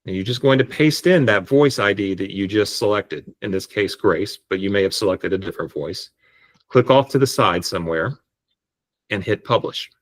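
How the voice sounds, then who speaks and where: A man explaining step by step how to set up an AI voice agent, speaking on a video call in a relaxed, explanatory way. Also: fairly low pitch, normal speed. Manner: relaxed, explanatory, frequent restarts. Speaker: tutorial presenter. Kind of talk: screen-share software tutorial.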